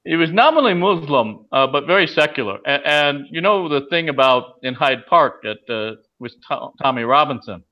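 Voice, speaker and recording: A man's voice: fairly high pitch, animated, moderate pace, few pauses. A man from California, speaking as a guest, telling stories casually with hesitant fillers and restarts. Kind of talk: casual conversational storytelling. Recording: dull lo-fi audio.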